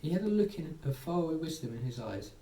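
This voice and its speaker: A man reads a soothing bedtime story in a soft, mellow voice. He sits back from the mic in an echoey room with a faint hum of ambience. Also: on the high side, big pitch swings, quick pace, far from the mic. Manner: soothing, gently voicing characters.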